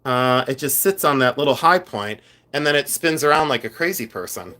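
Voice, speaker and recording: Speaking at normal speed in an animated, sharp-toned mid-range voice, this silversmith runs a casual live stream from his home studio. He rambles in a chatty, scattered way, addressing chat as he rummages around.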